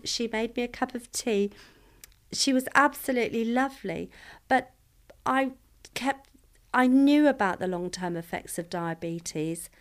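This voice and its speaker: A woman, a mother being interviewed, telling a story in a soft, halting way with frequent restarts. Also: a little high. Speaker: mother of a child with diabetes.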